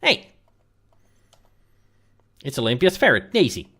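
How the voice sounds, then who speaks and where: A man's voice: mid-range voice, wildly swooping pitch, slow, bright, forceful tone. A man hosting a let's play, reading out game text and adding dry joking asides.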